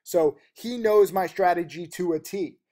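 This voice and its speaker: Man, trading teacher, slightly high voice, rapid and blunt delivery. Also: dark tone. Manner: rapid, emphatic and blunt, with fillers. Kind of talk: fast-talking video lesson.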